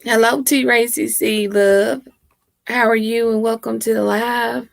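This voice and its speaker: A woman hosts a casual livestream from home and talks straight into her laptop microphone. Her voice has a gravelly fry and an easy, unhurried pace, and the sound is close and dry. She chats, teases and laughs a lot with her viewers. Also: fairly high pitch, fairly even intonation, no room sound. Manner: laughs often, chatty and teasing. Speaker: livestream host. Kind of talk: casual live chat with viewers.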